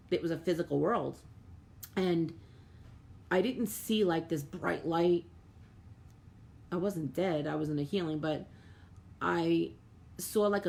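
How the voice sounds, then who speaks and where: A woman's voice: low-pitched, vocal fry. A middle-aged woman medium, hosting a live stream and talking earnestly to viewers, with lots of "like" and repeated words. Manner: reads out viewer comments and thanks viewers by name.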